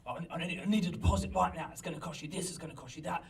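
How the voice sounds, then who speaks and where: A man voicing a pushy male dealer with a Cockney accent and hurried sales patter, heard from a distant mic. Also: on the high side, gravelly.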